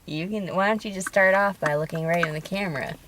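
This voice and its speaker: A woman's voice: lowish voice, fast talker, background noise. A woman co-hosting a casual movie review chat, blunt and swearing, telling funny stories. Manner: animated, blunt, swears, tells anecdotes.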